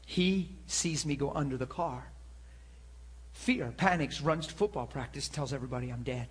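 A middle-aged male pastor preaches a storytelling sermon from a church pulpit, his medium-pitched voice moving at normal speed over some background noise. He rambles through the tale, laughing at himself along the way.

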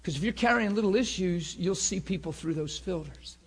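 Male preacher, high husky voice, impassioned sermon delivery. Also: lively intonation, normal speed. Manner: passionate preaching that swings from shouting to hushed.

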